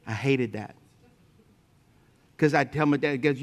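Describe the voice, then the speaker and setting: A man preaching a sermon, telling humorous personal stories to his congregation and swinging between loud emphatic points and quiet asides. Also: mid-range voice, unhurried. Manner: lively storytelling with humor, speaking to the congregation. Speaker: pastor.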